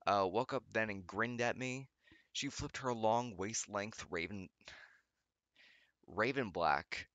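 A man's voice: fairly low pitch, slow, a bit bright, dry recording, highs cut off. A young man reading fan fiction aloud, breaking off often with sarcastic remarks and laughter. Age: young adult. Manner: sarcastic, laughs often, stumbles over words. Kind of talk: reading aloud with mocking commentary.

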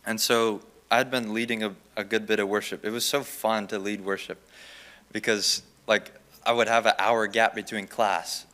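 Young man with a bright, forceful voice. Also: on the low side, moderate pace. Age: young adult. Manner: animated, acts out quoted dialogue. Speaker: student giving testimony. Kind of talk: chapel testimony storytelling.

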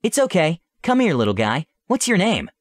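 A man puts on a spirited young princess from a storybook adventure, raised well above his own pitch. She sounds bouncy and impulsive, with a lively, swooping melody. The voice is dry and close. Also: a little fast, no room sound. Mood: eager, playful. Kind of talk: storybook role-play reading.

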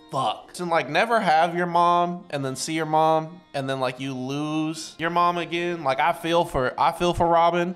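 A high-pitched male streamer reacts live in a loose, casual way. He swears constantly and bursts into sudden excited shouts. Faint music plays under his voice.

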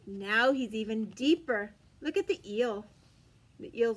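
A woman's voice: fairly high pitch, slow, pauses often. A young woman, a teacher, reading a picture book aloud to young children with gasps and exaggerated sing-song wonder. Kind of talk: read-aloud storytime.

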